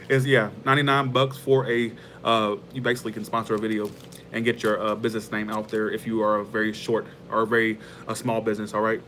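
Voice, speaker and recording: A man hosting his tarot channel's livestream, chatting casually and warmly with viewers in a rambling, heartfelt way and laughing often. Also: fairly low pitch, level tone, a little fast, a little hiss or hum.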